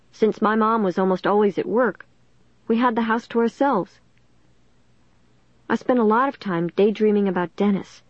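A woman reading a first-person story aloud in a plain, steady storytelling manner. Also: medium pitch, no room sound, highs cut off. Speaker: audiobook narrator.

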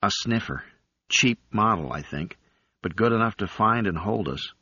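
A man voicing a weary, resigned man cornered in the field, speaking in a low mutter. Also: lively intonation, moderate pace, sharp tone, breathy edge, no echo, exaggerated voice. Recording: dull lo-fi recording.

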